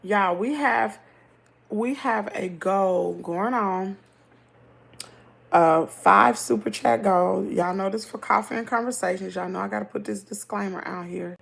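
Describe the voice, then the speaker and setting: Southern American woman, middle-aged, gravelly husky voice, chatty livestream host, talkative and quick to laugh. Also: medium pitch. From Southern United States. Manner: chatty, animated, laughs easily. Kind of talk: casual live chat reading comments.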